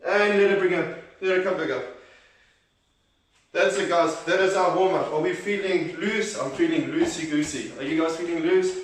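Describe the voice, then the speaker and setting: Speaking at a normal speed in a highish voice, this man runs a children's workout, counting reps out loud and cheering the kids on while sometimes running short of breath. There's a little hiss or hum, and he's heard from a distance in a very echoey space.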